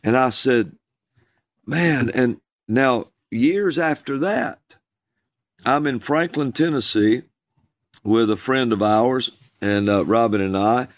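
A man, a minister, telling a personal story in conversation, slow and drawn out. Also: dry recording. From USA. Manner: slow, drawn-out storytelling with calls acted out in a high voice.

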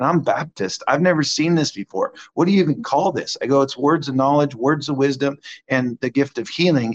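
A man giving a conversational testimony as a guest minister, animated and acting out the quotes of the people in his story. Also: medium pitch, dull audio.

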